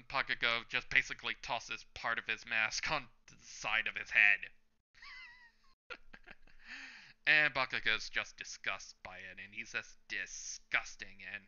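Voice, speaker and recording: A man who hosts a reaction channel reads a manga chapter aloud panel by panel, voicing the lines, adding his own commentary, and chuckling at the jokes. His mid-range voice has a clean tone, though the sound is lo-fi.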